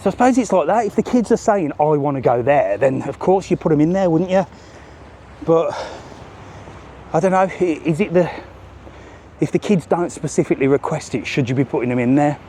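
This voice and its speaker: A man's voice: fairly high pitch, expressive, a little fast, pauses often, warm tone, slight background noise. A man doing a live walking travel vlog, chatting and joking with passers-by. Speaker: travel vlogger. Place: outdoors on a seafront promenade.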